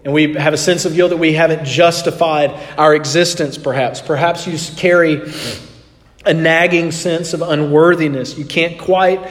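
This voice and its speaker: A middle-aged man preaching a sermon, telling a personal story in an animated way and acting out both sides of the dialogue. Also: fairly high pitch, moderate pace. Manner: animated anecdote, acting out dialogue, drops to soft tones. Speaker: pastor. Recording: long hall reverb.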